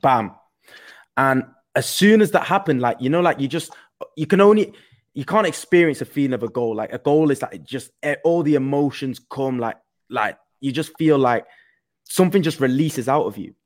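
A man shares a story in a casual podcast chat. He speaks earnestly and often drops to a softer tone. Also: mid-range voice, expressive, moderate pace. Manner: storytelling, earnest, drifts soft.

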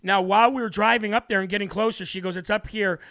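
A man hosts a political talk show in a brash, preachy style. His voice sits high for a man and has a gravelly rasp. He also tells personal stories at length. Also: steady tone, fast talker, pushed and bright. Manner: brash and preachy, then storytelling. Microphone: studio mic.

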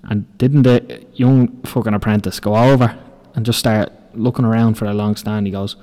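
His voice sits on the low side and sounds mellow, with fairly even intonation at a normal speed. He's a young Irish man in his twenties hosting a podcast, laughing through rambling, profane anecdotes about building sites in a casual storytelling way.

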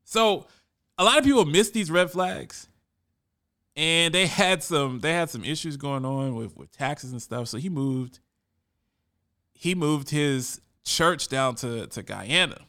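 A man speaks in a casual storytelling monologue, with a fairly high voice. His tone is bright and forceful. He talks conversationally and often doubles back on his words as he goes. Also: lively intonation, slow pace. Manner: conversational, often repeats words when restarting.

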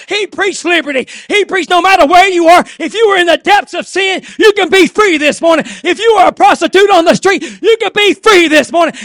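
A male preacher delivering a church sermon, swinging from hushed murmurs to shouted, rhythmic refrains. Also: very high-pitched, vocal fry, dry recording, studio quality. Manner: repeats refrains in a call-and-response cadence. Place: church service.

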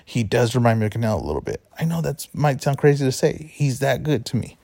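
A man's voice: medium pitch, expressive, quick pace, gravelly, darkish tone, dry recording, clean studio sound. A man hosting a casual sports betting talk show, rambling and correcting himself as he goes. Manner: chatty, rambling, self-correcting. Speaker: podcast host.

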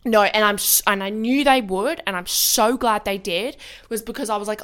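A woman's voice: mid-range voice, animated, normal speed, a bit bright. Young woman chatting loosely on a podcast. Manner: loose, filler-heavy, swears freely. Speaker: podcast co-host. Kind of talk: casual storytelling chat.

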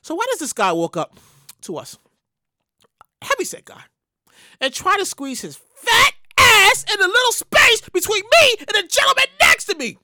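A man hosting a solo podcast, talking loudly and animatedly with plenty of profanity. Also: very high-pitched, moderate pace, no room sound, clean studio sound. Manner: loud, animated, profane ranting. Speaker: podcast host. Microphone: studio microphone.

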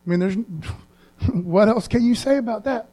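A man's voice: high-pitched, unhurried, mellow. A man preaching a sermon as pastor in a casual, earnest way, using slang and repeating phrases for emphasis.

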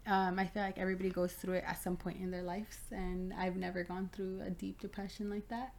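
A woman's voice: mid-range voice, level tone, a little fast, darkish tone, a little hiss or hum. A young adult woman co-hosting a podcast in casual chat, talking freely with lots of fillers and frequent laughter. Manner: chatty, laughs often, many fillers. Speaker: podcast co-host.

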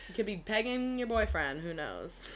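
A young woman co-hosting a podcast in casual chat, brash and loud, swearing freely and gossiping. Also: mid-range voice, very animated, normal speed. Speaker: podcast co-host.

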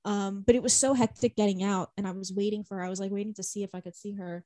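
A woman's voice: mid-range voice, fairly even intonation, fast talker, warm tone, no room sound. A young woman telling a concert story in casual chat, rambling, saying "like" a lot, swearing and laughing often. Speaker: podcast co-host.

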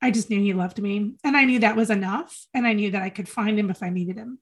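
Woman guest, earnest and halting, repeats herself for weight; heartfelt personal recollection. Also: mid-range voice, slightly rough. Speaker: podcast guest. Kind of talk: emotional personal reminiscence.

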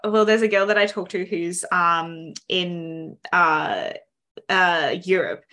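A woman's voice: on the low side, takes it slowly, pushed and bright. A young Australian woman co-hosting a podcast, rambling casually with lots of fillers and laughing often. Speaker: podcast co-host. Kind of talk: casual chat.

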